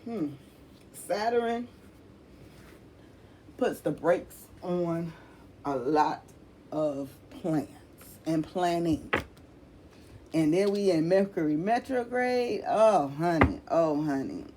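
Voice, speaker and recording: Woman, low-pitched tarot reader, casual and blunt, cusses, repeats lines for emphasis, light background hiss. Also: expressive, very slow, pauses often, warm tone. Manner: blunt, swears freely, calls listener honey.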